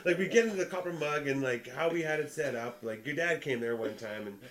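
A young man telling a rambling, animated story in casual chat, often breaking into laughter. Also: medium pitch, fairly quick, over a noisy crowd. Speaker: podcast co-host, comedian.

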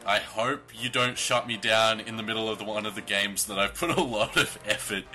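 An Australian man co-hosting a podcast and running a quiz game, laid-back and quick to laugh. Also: fairly low pitch, sharp tone, faint music behind. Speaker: podcast co-host, game presenter. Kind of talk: casual chat.

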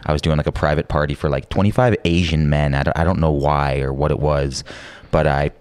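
Young guy with a really deep voice spinning a messy party story, lots of "like", dry close sound. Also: fairly quick, no echo. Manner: animated, jumps to high voices for quoted lines; swears freely, many filler likes. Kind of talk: casual anecdote telling.

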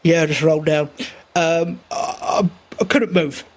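A man telling an improvised comic tall tale, rambling with stumbling restarts and deadpan swearing. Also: a little high, measured pace, breathy edge.

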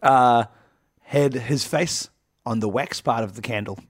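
A man's voice: mid-range voice, a little slow, no echo, studio quality. A man co-hosting a casual comedy podcast, rambling and joking and laughing often. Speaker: podcast co-host.

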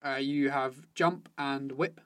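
Dry podcast co-host. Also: male voice, medium pitch, fairly even intonation, slow, no echo. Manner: dry, steers the discussion along. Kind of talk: casual chat.

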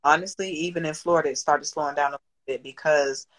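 Talking quickly in a steady, low-sitting voice, a single mother in her thirties who owns a business speaks at length as a guest in a candid podcast conversation. She swears liberally and gets emotional, and the recording quality is low.

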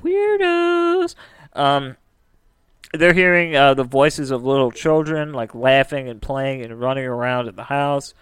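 Podcast host, male, chatty narrator with a resonant voice in a dead-quiet room. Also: medium pitch, fairly even intonation, measured pace, clean tone, no echo. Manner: chatty, lots of filler "like". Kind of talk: casual storytelling.

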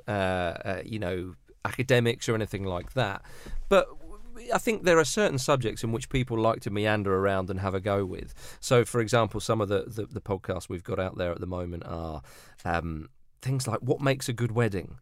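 A man's voice: fairly low pitch, expressive, moderate pace, few pauses, no room sound, studio quality. A man chatting as a podcast guest, rambling and jokey. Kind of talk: casual chat.

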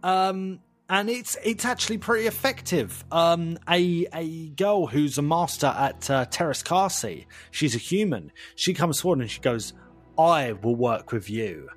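A man's voice: fairly high pitch, expressive, a little slow, few pauses, faint music behind. A man narrating a tabletop role-playing game as game master, playful and laughing often.

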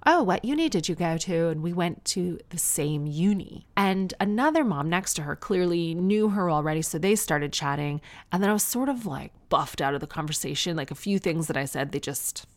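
A Canadian woman in her thirties chatting on her own in a relaxed monologue. Her voice sits fairly low with a gravelly, fried edge. Her humor is dry and self-mocking. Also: moderate pace, hardly any pauses. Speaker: podcast host and new mother. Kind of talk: casual monologue.

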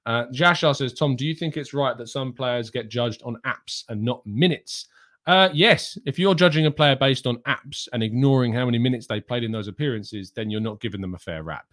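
A man's voice: medium pitch, fairly bright tone. A man hosts a live question-and-answer stream, reading viewer messages aloud and answering each one. He talks in an opinionated, ranting way, often breaking off and restarting his sentences. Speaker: host.

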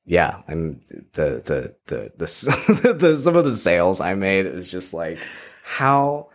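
Guest, male, young, very low voice, halting and chatty, laughs a lot. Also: very animated. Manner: rambling, halting, laughs often. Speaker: podcast guest. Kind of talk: casual conversation.

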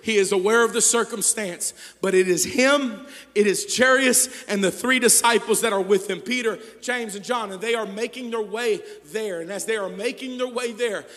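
Pastor, male, sermon delivery; high, sharp voice, hushed lines building to shouts; church hall with long reverb. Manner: swings from hushed to shouted preaching.

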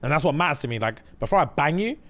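A man's voice: fairly high pitch, rapid-fire. A man co-hosting a podcast, retelling a show in casual chat and acting out the quotes. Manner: animated storytelling, acting out quotes. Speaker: podcast co-host.

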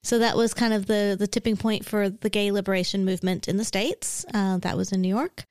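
A woman's voice: medium pitch, steady tone, a little fast, darkish tone, smooth, no room sound, clean studio sound. A woman co-hosting a podcast, explaining history notes in a chatty way with frequent fillers. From Australia. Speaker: podcast co-host. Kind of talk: casual podcast chat, presenting history notes.

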